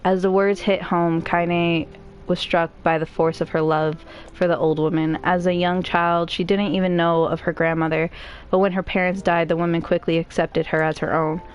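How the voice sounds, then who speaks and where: A woman's voice: on the low side, little pitch movement, moderate pace. A woman streamer reading a novel aloud in a casual way, breaking off for joking asides.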